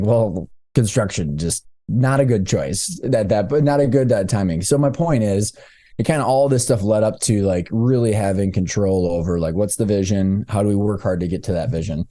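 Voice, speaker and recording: A man's voice: lowish voice, a little fast, mellow. A man in his thirties, a podcast guest telling his story in a candid, loose, casual way, with slangy asides and frequent restarts. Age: 30s.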